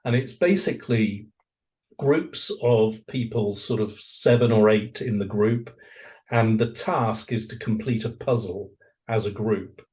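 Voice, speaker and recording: A man hosting an interview, animated and storytelling, who likes to act out what people say. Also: on the low side, unhurried. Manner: animated storyteller, acts out quoted voices. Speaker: podcast host. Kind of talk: conversational interview.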